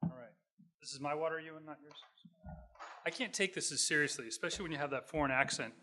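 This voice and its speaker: A middle-aged man giving a talk as an economist at a hotel event, relaxed and self-deprecating, with halting restarts and jokes. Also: a little high, background noise. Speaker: guest speaker, economist. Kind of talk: public lecture with jokes.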